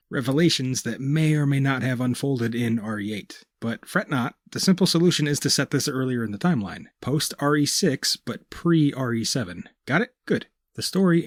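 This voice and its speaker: Male gaming host, mid pitch, casual scripted monologue, wry and profane. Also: no room sound, clean studio sound. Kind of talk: scripted video-essay monologue.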